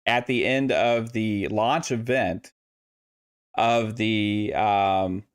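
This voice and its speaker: A man hosting a casual gaming podcast chat who talks in a relaxed, hesitant way with lots of filler words. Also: lowish voice, extremely slow, clean tone.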